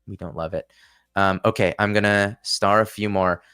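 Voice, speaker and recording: Chatty low-voiced male livestream host. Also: fairly even intonation, normal speed, pushed and bright, clear, resonant tone. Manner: chatty, thinking aloud, many restarts. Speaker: channel host. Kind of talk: casual livestream chat.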